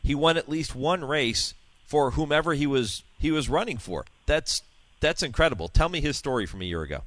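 A man's voice: on the high side, lively intonation, fairly quick, fairly bright tone, no echo. A man hosting a radio interview, sincere and appreciative in his questions. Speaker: radio show host.

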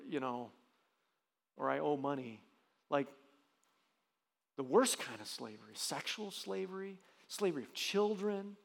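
A man's voice: fairly high pitch, lively intonation, a little slow, gravelly, long pauses, big-room sound. A man preaching a sermon as pastor, earnest, with frequent restarts and rising emphasis.

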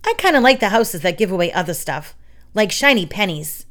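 A woman's voice: medium pitch, very animated, a little fast, a bit bright. Woman reading an earnest, sensible boy. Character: proud, earnest boy in a suit.

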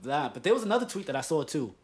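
A man's voice: a little high, sing-song, racing. A man co-hosting a podcast, telling a story in a casual, profane and emphatic way while drinking beer. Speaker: podcast co-host.

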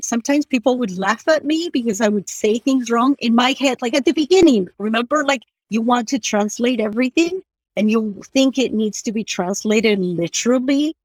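A woman's voice: on the high side, no echo. Woman telling her story, dry. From Argentina. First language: Spanish. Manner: earnest, halting, many "like" fillers. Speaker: guest. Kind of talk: personal storytelling in conversation.

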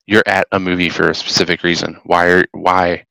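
A man's voice: low-pitched, little pitch movement, brisk, creaky, sharp tone, no echo, poor audio. A man chatting casually, making wry, exasperated remarks. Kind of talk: casual chat.

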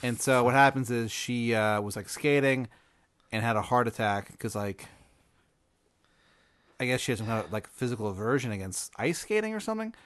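Deadpan rambling man, dry room. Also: mid-range voice, dry recording. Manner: rambling, deadpan, acts out side characters in quick asides. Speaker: podcast host posing a hypothetical. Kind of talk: improvised comedic storytelling.

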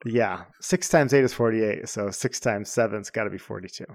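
A man co-hosting a casual podcast, relaxed and joking as he describes a beer. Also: lowish voice, moderate pace, gravelly, no room sound. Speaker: podcast co-host.

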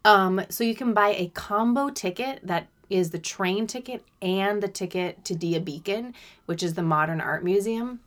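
A woman co-hosting a podcast in casual chat, giggly and quick to react. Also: mid-range voice. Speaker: podcast co-host.

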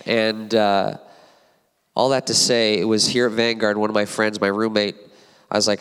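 A man in his forties preaching a heartfelt sermon as a guest preacher, animated and emotional, with asides to the congregation. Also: on the low side, moderate pace, clear, resonant tone. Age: 40s. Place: church sanctuary. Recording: long church hall reverb.

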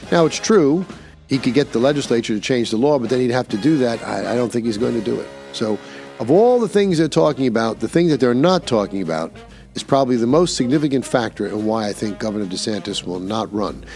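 A man's voice: mid-range voice, animated, a little fast, a little mellow, soft background music. An older man hosting a podcast, delivering an emphatic, scornful opinion monologue. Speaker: podcast host.

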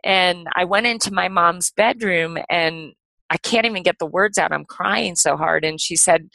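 A middle-aged woman, a podcast guest, telling a personal story in a casual, animated way with lots of "like" and "you know". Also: fairly low pitch, normal speed, gravelly, no room sound, poor audio.

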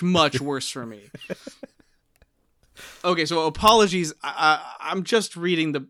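A man co-hosting a book podcast, talking earnestly and a little apologetically. His voice is bright and sits fairly high for a man. The sound is close and dry, with no room in it. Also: dry recording. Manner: earnest, apologetic, halting restarts. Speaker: podcast co-host. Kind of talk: casual book podcast chat.

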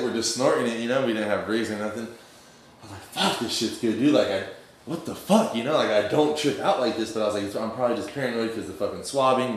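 A man's voice: medium pitch, a little hiss or hum. A young man telling a rambling, profane story in slang, full of fillers. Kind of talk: casual storytelling. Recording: very echoey room.

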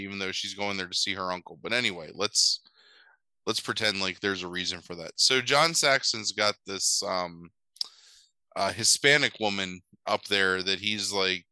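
Bright, crisp-voiced man chatting casually. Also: low voice, moderate pace, no echo, rough recording. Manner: rambling, profane, full of fillers and asides. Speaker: podcast host recapping a film. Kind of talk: casual chat.

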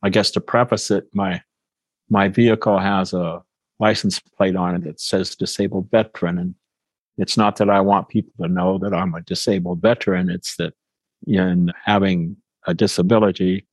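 A low-voiced older man in his seventies speaks with a husky grain, reflecting slowly and carefully on his experiences as an interview guest. The sound is dry and close, with no room around it. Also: no room sound, poor audio. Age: 70s. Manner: measured, thoughtful, with small restarts.

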